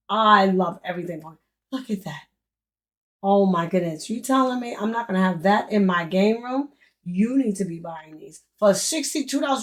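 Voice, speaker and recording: A young adult woman walking viewers through an online store tutorial, excitedly repeating prices and exclamations for emphasis. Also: a little high. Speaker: online business creator. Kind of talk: excited screen-share product walkthrough.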